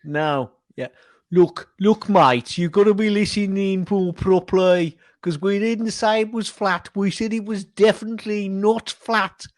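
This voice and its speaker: A man with a Birmingham accent co-hosting a casual podcast, teasing and laughing through animated banter. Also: high-pitched, unhurried, no echo, clean studio sound. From England. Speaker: podcast co-host. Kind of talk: casual chat.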